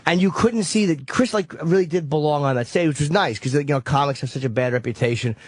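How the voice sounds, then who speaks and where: A radio regular with a slightly husky, fairly high voice, cutting in with blunt, profane jabs. He swears freely and teases the people around him. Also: quick pace, no echo. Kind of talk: casual studio chat.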